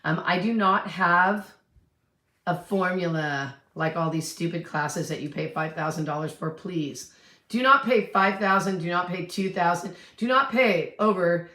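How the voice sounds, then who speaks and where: A woman's voice: lowish voice, a little slow, bright, forceful tone, echoey room. A woman in her fifties, a real estate agent, chatting casually on a livestream, rambling and answering viewer questions.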